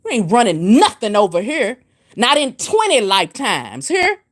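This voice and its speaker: A woman hosts a spiritual livestream. She scolds and preaches at a commenter, hammering her points with repetition. Her pitch swoops from low and firm to high and emphatic. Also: huge pitch swings, normal speed. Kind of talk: livestream rant answering comments.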